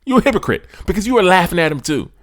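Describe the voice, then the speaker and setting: A man hosting a sports podcast, delivering a preachy monologue straight to his listeners in casual slang, swinging from loud emphasis to hushed asides. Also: high-pitched, big pitch swings, rapid-fire.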